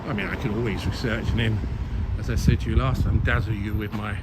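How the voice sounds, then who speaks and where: A man's voice: lowish voice, fairly even intonation, fast talker. A man chatting on a live stream as he walks through a city, laughing at himself often, into a phone-mounted mic. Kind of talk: casual live-stream chat while walking. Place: city streets outdoors, traffic passing. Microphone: phone-mounted mic on a gimbal. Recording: loud outdoor street noise.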